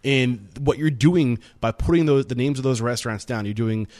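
A man's voice: medium pitch, moderate pace, darkish tone. A man hosting an interview, stressing points by repeating them with emphasis. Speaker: host. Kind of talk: conversational interview.

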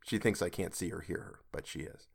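A man's voice: sits low, brisk, gravelly, slight background noise. A man reading a classic novel aloud in a home recording studio, swearing and grumbling at his own mistakes. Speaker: audiobook co-narrator. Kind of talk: reading aloud and bantering between takes.

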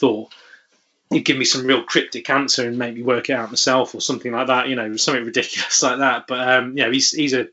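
Husky man telling stories. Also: mid-range voice, fairly bright tone, lo-fi sound. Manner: rambling, lots of fillers. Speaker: podcast guest. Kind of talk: casual storytelling interview.

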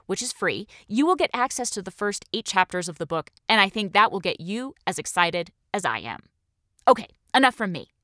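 A woman's voice: high-pitched, sharp tone, no echo, clean studio sound. A woman hosting a podcast, chatting casually and laughing often. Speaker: podcast host. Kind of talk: casual chat.

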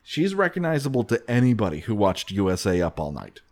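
A man's voice: on the low side, brisk. A man co-hosting a podcast, joking and laughing often in casual comedic chat. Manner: joking, animated, frequent laughs. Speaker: podcast host.

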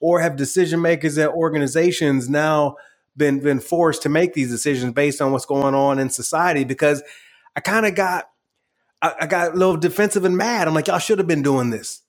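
Male podcast host, slightly high voice, lively and laughing. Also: brisk. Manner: animated, laughs often, acts out quotes. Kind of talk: conversational interview.

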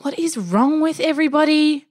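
A woman's voice: sits high, normal speed, voice pushed up, natural voice. A woman voicing a bossy, fearless eleven-year-old girl who talks in a firm, matter-of-fact way in a storybook reading. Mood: exasperated.

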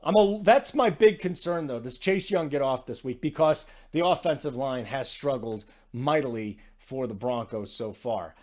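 A man hosting a sports betting show, talking in a chatty, energetic and digressive way. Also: medium pitch, normal speed, hardly any pauses. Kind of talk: casual sports talk.

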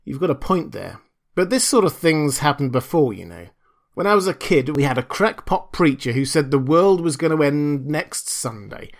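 A man's voice: fairly high pitch, very animated, moderate pace, gravelly. A man voicing George, a bored and homesick computer engineer who talks in a dry, grumbling way, in an audiobook reading. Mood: weary. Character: weary, bored male computer engineer far from home.

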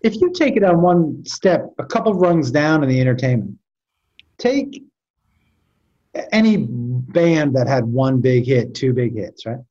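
A man talks his way through a personal story in a loose, animated manner, stumbling and restarting as he goes. His voice sits at an ordinary pitch. The recording sounds dull and lo-fi. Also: measured pace. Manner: animated, trailing restarts and stammers. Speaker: podcast guest. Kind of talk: storytelling in casual chat.

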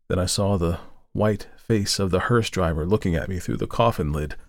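A man's voice: low-pitched, no echo, studio quality. A man hosting a podcast, reading a story aloud dramatically and raising his voice for the quoted dialogue. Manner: lifts his voice for quoted speech, slows for tense moments. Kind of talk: dramatic audiobook narration.

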